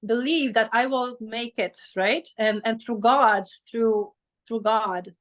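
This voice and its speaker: A woman hosting an interview, talking haltingly and searching for her words over a video call. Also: a little high. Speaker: interview host. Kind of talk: casual conversation.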